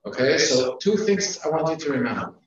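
A man teaching a class in a slightly high voice, counting off his points one by one and hammering key phrases through repetition. He sounds distant from the mic in a very echoey room, and the sound is dull. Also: big pitch swings, a little fast. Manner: emphatic, repeats key phrases.

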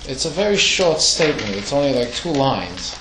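A man's voice: medium pitch, big pitch swings, normal speed, echoey room, background noise. A man leading a casual religious study class, asking the group questions as he explains. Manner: questioning, conversational, asks the class. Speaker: class teacher.

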